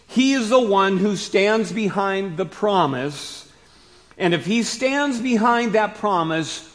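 A man preaching a sermon as pastor, stressing key words loudly, then dropping to soft asides. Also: fairly high pitch. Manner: emphatic, swings between loud stresses and soft asides. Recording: long hall reverb.

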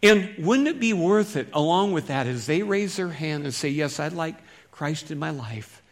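A man's voice: on the high side, lively intonation, moderate pace. Folksy male pastor preaching. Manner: conversational, folksy, swings between loud emphasis and quiet asides. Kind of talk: sermon.

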